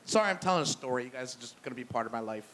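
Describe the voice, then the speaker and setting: A man's voice: mid-range voice, expressive, racing, a bit bright, a little hiss or hum. A young man doing stand-up comedy at a live brewery show, telling loose, profane, self-deprecating stories with lots of restarts. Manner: loose, rambling delivery with restarts.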